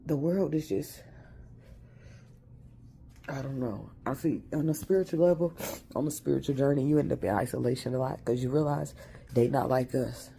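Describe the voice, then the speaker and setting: A man vents about his spiritual journey in a reflective, repetitive way. His voice is gravelly and dark. A faint hiss of noise sits behind him. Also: medium pitch, moderate pace, long pauses. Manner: reflective, repetitive, street-slang religious talk. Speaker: vlogger. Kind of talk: emotional spiritual venting monologue.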